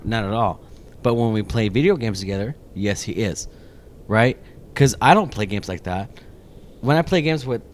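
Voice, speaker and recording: A man's voice: on the low side, slight background noise. A man co-hosting a podcast in casual chat, telling a rambling story full of swearing. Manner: animated, rambling, swears a lot. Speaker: podcast co-host.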